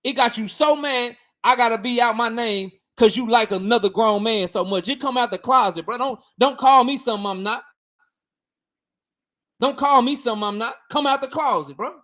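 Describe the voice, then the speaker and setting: A man's voice: extremely high pitch, brisk, fairly bright tone. A man hosting a boxing livestream and reading chat, talking bluntly and profanely, heated and repeating himself. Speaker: boxing channel host.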